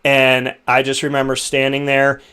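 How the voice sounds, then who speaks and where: A young man hosting a casual interview, telling stories in an animated, emotional way. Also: medium pitch, moderate pace, clear, resonant tone. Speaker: podcast host.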